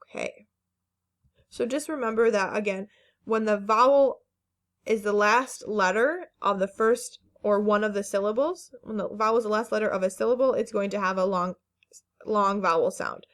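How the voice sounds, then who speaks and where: A woman teaching a phonics lesson to children, speaking slowly and carefully, stretching each word and encouraging the class. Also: medium pitch. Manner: slow, careful word-by-word enunciation; patient and encouraging, with fillers.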